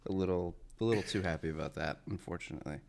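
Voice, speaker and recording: A man's voice: low-pitched, racing, gravelly, darkish tone. A man co-hosting a casual podcast, teasing the others with dry banter. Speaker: podcast co-host.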